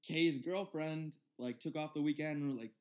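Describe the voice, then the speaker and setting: A man in his twenties casually telling a long story on a podcast, rambling and animated, acting out the other people's lines. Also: a little high, normal speed. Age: 20s. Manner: rambling, animated retelling with quoted dialogue. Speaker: podcast host.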